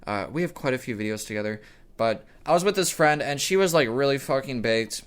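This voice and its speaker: A man's voice: mid-range voice, expressive, fairly quick, clean tone. A young man telling a rambling, profane story in a casual vlog, often correcting himself. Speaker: storyteller vlogger.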